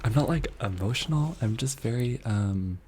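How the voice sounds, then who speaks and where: A man hosting a soft-spoken ASMR live chat, answering viewer messages in a tender, earnest, rambling way that drifts into whispers. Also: medium pitch, expressive, normal speed, slight background noise. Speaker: ASMR channel host reading viewer messages.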